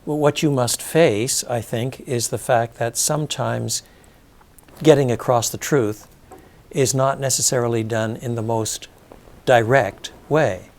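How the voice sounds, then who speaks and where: Measured older man explaining translation. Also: medium pitch, fairly even intonation, darkish tone. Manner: thoughtful, measured, with frequent ums and restarts. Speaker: interview guest, scholar. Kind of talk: explanatory interview answers.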